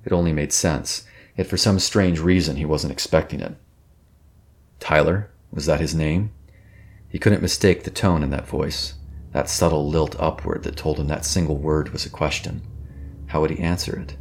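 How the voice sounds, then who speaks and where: A man reading a suspenseful story as a narrator, measured and even. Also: very deep voice, vocal fry. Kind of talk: scripted narration.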